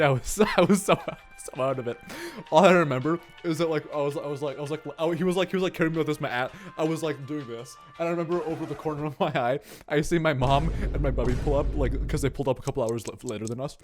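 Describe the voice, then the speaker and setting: A young man telling a comic story from his childhood, animated and sweary, with lots of exaggeration. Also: medium pitch.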